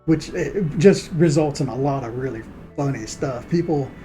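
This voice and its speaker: A man's voice: medium pitch, moderate pace, mellow, soft background music. Rambling, laughing male streamer. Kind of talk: casual chat while working on art.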